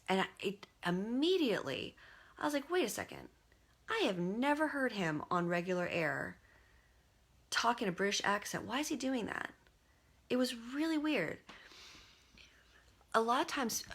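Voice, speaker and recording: A woman's voice: mid-range voice, a bit bright. A woman streaming live as an artist, talking to her viewers in a rambling, conversational way full of fillers and restarts. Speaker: artist and livestream host. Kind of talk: casual monologue to viewers.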